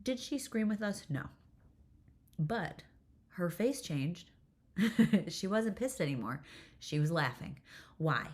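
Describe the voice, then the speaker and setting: A woman's voice: fairly low pitch, animated, takes it slowly, long pauses, a little mellow. A woman hosting a solo podcast, telling a candid parenting story in a chatty, self-deprecating way, laughing often and swearing casually. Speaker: podcast host, nervous system coach.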